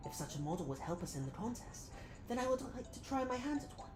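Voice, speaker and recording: A woman reading aloud as a gentle, earnest female sculptor, formal and in a put-on British accent. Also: on the high side, big pitch swings, fast, over music, pitched above the performer's own voice, rough recording. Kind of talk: reading game dialogue aloud.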